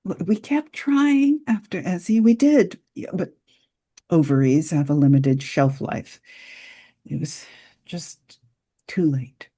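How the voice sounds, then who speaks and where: A woman's voice: fairly low pitch, slow pace, warm tone. An actress playing a grieving mother who reproaches her daughter and pushes for grandchildren. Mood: reproachful. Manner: accusing, emotional. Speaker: Anna's mother Marlene.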